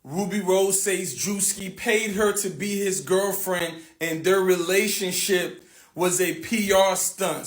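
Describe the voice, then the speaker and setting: High-voiced man drawling gossip, roomy. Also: a bit bright. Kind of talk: celebrity gossip commentary.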